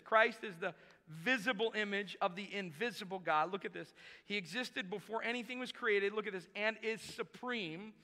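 High, bright-voiced preaching man. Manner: emphatic, repeats key phrases for effect. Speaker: pastor. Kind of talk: sermon. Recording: long reverb of a large hall.

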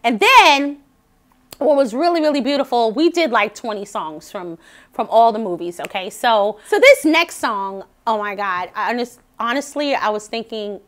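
A woman vocal coach talking chattily in a casual vlog, animated and often laughing. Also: on the high side, moderate pace, faint music behind.

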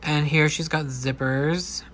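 A man chatting casually and gushing while unboxing a doll, with quick excited asides. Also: a little high, a little hiss or hum. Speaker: doll collector vlogger. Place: indoor room with air conditioner hum.

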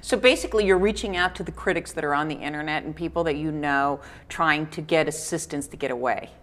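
A woman interviewer asking questions in a halting, hesitant way. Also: low voice, fairly bright tone.

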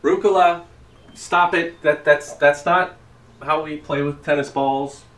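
A man's voice: medium pitch, unhurried, a bit bright, reverberant, far from the mic, close to an everyday voice, low-quality recording. A man playing a stammering anxious park dad. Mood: scolding. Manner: stammering, awkward, overeager. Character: socially anxious park dad posing as a celebrity. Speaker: father at a playground. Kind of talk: comic monologue.

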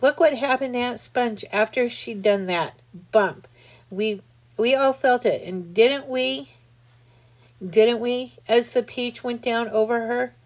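A woman's voice: on the high side, slow pace, pitched above the performer's own voice. A woman reading aloud and voicing a proud, cheeky male centipede in a gleeful, boisterous way.

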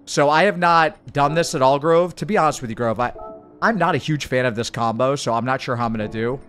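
A man's voice: mid-range voice, faint music behind. A man hurriedly commenting on a live racing game stream and chatting with his viewers. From United States. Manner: hurried, excitable, chats with viewers.

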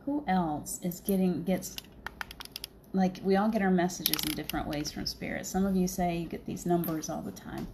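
A woman's voice: fairly low pitch, fairly even intonation, normal speed, vocal fry, background noise. Chatty, laughing woman streaming live. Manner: chatty, laughing often, rambling. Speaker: spiritual medium, livestream host. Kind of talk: casual livestream chat.

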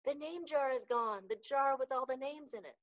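Loud, eager schoolboy, calls out, read by a woman. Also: sits high, normal speed, pitched above the performer's own voice, natural voice. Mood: excited.

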